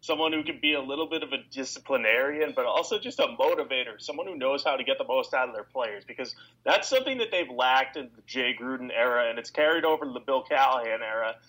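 A man co-hosting a sports podcast, laying out his opinions in measured, organized reasoning. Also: medium pitch, sharp tone, low-quality recording. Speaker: podcast co-host. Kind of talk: casual sports podcast analysis.

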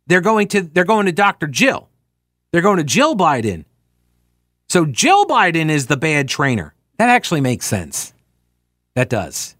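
Animated, sarcastic talk radio man. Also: fairly high pitch, no room sound, clean studio sound. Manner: sarcastic, riffing, jokey asides. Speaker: radio talk show host. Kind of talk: opinion talk radio monologue.

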